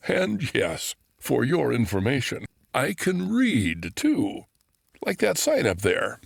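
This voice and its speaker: Sly, fancy storybook grizzly bear voiced by a husky-voiced male narrator; smug and teasing. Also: medium pitch, huge pitch swings, slow, dry recording, studio quality, voice pushed up, heavily acted. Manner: sly, teasing, a little pompous. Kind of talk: storybook reading.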